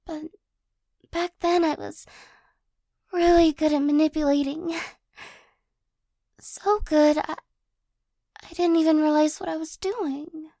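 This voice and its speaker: A woman in an ASMR role-play voicing a remorseful young ex-girlfriend who apologizes in a hesitant, halting way with nervous little laughs. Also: high voice, fairly even intonation, dark tone, no room sound. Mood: apologetic.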